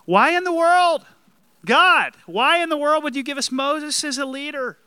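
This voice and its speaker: Whiny desert wanderer griping at God, pitched way up and loud, a preacher putting him on. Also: male voice, a little slow, dry recording, studio quality, heavily acted. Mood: whining. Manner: whining, exasperated, shrill complaining. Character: whiny grumbling Israelite wanderer, complaining to God.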